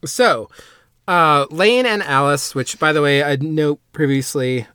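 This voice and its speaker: A man talks through an anime episode on a casual podcast, stopping often for fillers and side remarks. His voice sits at an ordinary pitch and is recorded dry and close, with no room sound. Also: a little slow, bright, forceful tone, clear, resonant tone, no room sound. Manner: rambling, filler-heavy recap with asides. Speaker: podcast host summarizing an anime. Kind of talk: casual chat.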